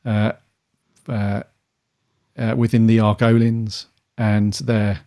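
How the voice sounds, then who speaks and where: A man in his forties co-hosting a podcast in casual chat, relaxed and full of fillers. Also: lowish voice, takes it slowly. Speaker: podcast co-host.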